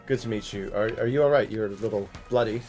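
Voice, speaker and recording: A man's voice: fairly low pitch, fast talker, darkish tone, faint music behind. A man playing in a tabletop game, chatty and apologetic, full of hesitant restarts. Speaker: player. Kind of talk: tabletop role-play.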